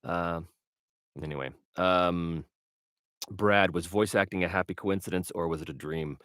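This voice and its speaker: A man's voice: low voice, a little slow, a bit bright, no echo, studio quality. A man hosting a casual livestream, chatting and answering viewer questions with lots of fillers. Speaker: livestream host and game master. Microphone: webcam livestream setup.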